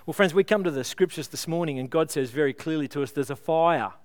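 A man preaching a sermon at a church service, earnest and pleading, leading the congregation in prayer. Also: a little high. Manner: earnest, pleading, builds with illustrations then slows to prayer. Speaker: pastor.

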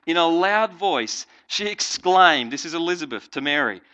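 Man, youth leader, chatty Bible talk, bright forceful voice, slightly raised pitch. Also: normal speed, hardly any pauses. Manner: chatty, animated, lots of "like" and "right?".

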